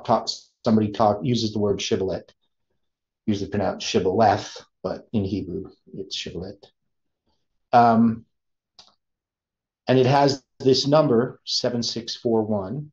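A man giving an informal study lesson, thinking aloud with many pauses and restarts. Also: lowish voice, a little mellow. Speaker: teacher. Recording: dull lo-fi sound.

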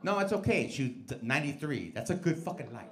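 A man doing a stand-up set in a comedy club, telling stories loudly and profanely with lots of crowd work and put-on voices. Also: a little high, fast. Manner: loud, profane, animated storytelling with put-on voices. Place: comedy club stage with live audience. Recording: live club recording with crowd noise.

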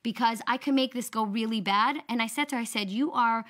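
A woman's voice: fairly high pitch, brisk, a bit bright. A woman guest on a talk show retelling a family story, acting out quoted lines with animation.

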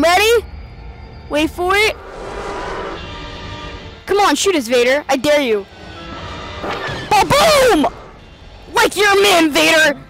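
A woman hosting a let's play video, giving excitable, playful commentary over the game and mimicking the characters. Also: very high voice. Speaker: gaming channel host.

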